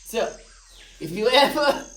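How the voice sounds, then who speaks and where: A woman's voice: fairly high pitch, lively intonation, unhurried, a little hiss or hum. A woman teaching a recorded math review lesson, walking through problems step by step with playful, jokey asides to students. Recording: roomy, from a distance of the mic.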